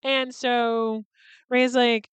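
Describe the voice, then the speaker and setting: A woman's voice: a little high, level tone, drawn-out words, smooth, dry recording. A woman in her thirties hosting a podcast, chatting casually and profanely as she recaps a movie and acts out its lines. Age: 30s. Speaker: podcast host.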